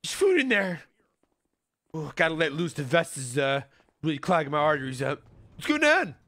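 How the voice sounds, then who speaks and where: A man's voice: big pitch swings, normal speed, no echo, heavily acted. A man playing a brash, cackling deputy warden. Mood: playful. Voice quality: loud and cackling, switching to low menace. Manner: mocking and teasing, breaks into laughter. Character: brash, goofy male deputy warden who laughs off threats. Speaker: prison deputy warden in a role-play game. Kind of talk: improvised game role-play.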